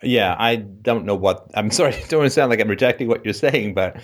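A man's voice: lowish voice, a little fast. A man hosting a call-in advice show, asking probing questions and talking in long runs that he keeps punctuating with "right?".

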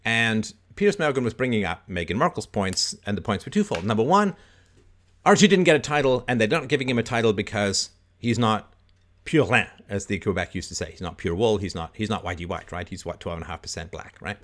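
Animated mocking male livestream host. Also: on the low side, brisk. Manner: mocking, laughs often, acts out quoted voices. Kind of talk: casual livestream monologue.

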